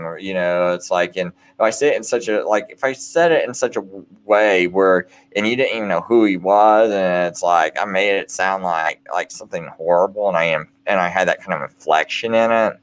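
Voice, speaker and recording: A man's voice: low voice, brisk, few pauses, clear, resonant tone. A man hosting a late-night show, talking in a casual, rambling monologue full of restarts and "you know"s, with an earnest, preachy bent.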